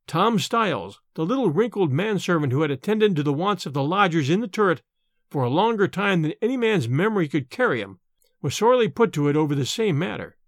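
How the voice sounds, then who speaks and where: A man narrating an audiobook of a Victorian horror story in an expressive, theatrical way. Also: on the high side, brisk, no room sound, studio quality.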